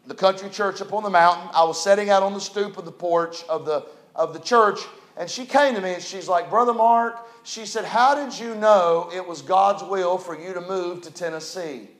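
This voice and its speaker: A male pastor preaching a sermon, moving from quiet storytelling to loud, emphatic rises. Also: high voice. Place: church hall. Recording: echoey church room.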